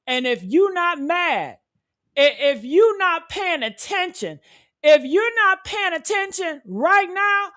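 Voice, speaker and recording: A woman delivers a fiery commentary rant to her channel. Her voice sits high and she drags out her words slowly and deliberately. She hammers home each point by repeating it. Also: pushed and bright. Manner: fiery, emphatic, repeats phrases for effect.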